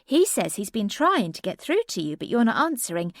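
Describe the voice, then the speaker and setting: A woman voicing a brisk hospital nurse with a much higher, brighter voice than her narration. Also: big pitch swings, dry recording, studio quality.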